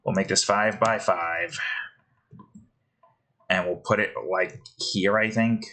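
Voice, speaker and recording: Guy slowly muttering to himself while making his game, bright kinda sharp voice, lots of hmms. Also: fairly low pitch, steady tone, low-quality recording. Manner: muttering to himself, hesitant, self-questioning. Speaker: game developer. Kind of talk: thinking aloud while building a game.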